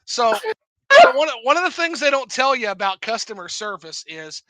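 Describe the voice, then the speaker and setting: A drunk man in his thirties from the American Midwest hosts a casual livestream, rambling and swearing with frequent restarts. His voice sits high and bright, swinging widely in pitch. The sound is dry and close. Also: big pitch swings, moderate pace, no room sound, poor audio. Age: 30s. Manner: rambling, profane, with many restarts. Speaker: livestream host.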